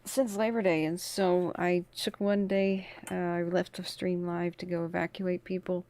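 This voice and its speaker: Gravelly-voiced woman hosting a livestream. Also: fairly low pitch, level tone, a little slow, a little mellow. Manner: chatty, talks through radio traffic. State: tired from little sleep. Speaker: wildfire livestream host. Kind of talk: casual live commentary.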